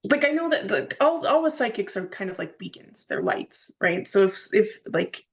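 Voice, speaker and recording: A woman's voice: mid-range voice, very animated, moderate pace. A woman co-hosting a podcast in casual chat, earnest and searching for her words. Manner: earnest, searching, many restarts with "like". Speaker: co-host.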